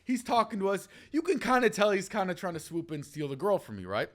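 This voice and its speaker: A man's voice: high-pitched, big pitch swings, fast talker. A young man hosting a podcast, telling stories in casual chat and acting out quotes, swearing freely. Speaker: podcast host.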